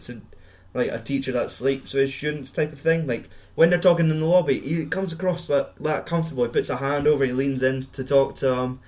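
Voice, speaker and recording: Casually discussing a film on the podcast he co-hosts, a young man rambles, swears, and laughs a lot. His voice sits at a medium pitch with a somewhat dark tone.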